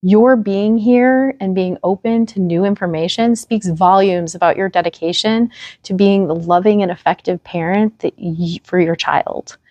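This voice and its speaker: A woman's voice: mid-range voice, darkish tone, dry recording. A woman hosting her own parenting vlog, talking straight to the viewer in an earnest, encouraging way. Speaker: parenting channel host. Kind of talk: direct-to-camera parenting advice vlog.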